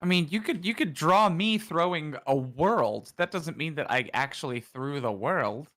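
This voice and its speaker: A man co-hosting a casual podcast who cracks jokes in an animated way. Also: a little high, moderate pace. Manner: wisecracking, animated. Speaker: co-host.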